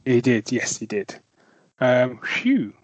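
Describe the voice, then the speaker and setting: A man's voice: mid-range voice, sing-song, slow, dry recording. A man with a North London accent co-hosting a podcast, chatting casually and enthusiastically, with many fillers and restarts. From North London, England. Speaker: podcast co-host. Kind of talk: casual chat.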